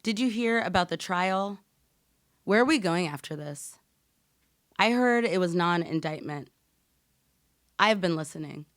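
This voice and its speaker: A woman poet reading her poems aloud in a measured, deliberate way. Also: on the low side, dry recording, studio quality. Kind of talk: live poetry reading.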